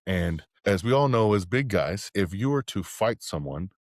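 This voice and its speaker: A man's voice: deep voice, animated, normal speed, no room sound, clean studio sound. A man, a podcast guest from Texas, telling stories in casual, rambling chat and swearing freely.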